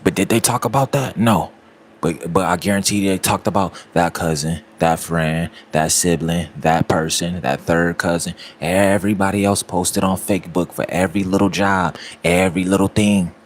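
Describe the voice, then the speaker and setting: A man's voice: low voice, fairly even intonation, moderate pace, a little hiss or hum. A man, giving a repetitive, preachy motivational talk aimed straight at the listener. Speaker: motivational speaker.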